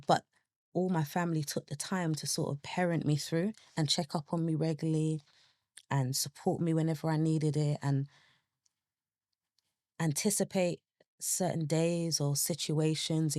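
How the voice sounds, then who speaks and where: Woman, low voice, dry close sound, lively storytelling, acts out her own thoughts. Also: normal speed, dry recording. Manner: animated, acts out her own past thoughts in quoted asides. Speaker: podcast guest. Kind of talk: candid personal storytelling.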